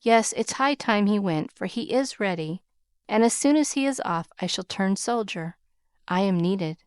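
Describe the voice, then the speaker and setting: Woman narrator doing a gentle young male tutor; smooth, encouraging, dry close mic. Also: medium pitch, expressive, unhurried, no room sound, natural voice.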